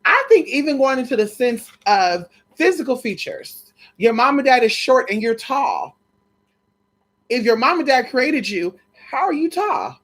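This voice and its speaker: Animated, gossipy woman vlogger. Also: sits high, a little slow. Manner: animated and gossipy, calls listeners girl and honey; swears casually and repeats phrases for emphasis. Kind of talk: casual storytelling chat.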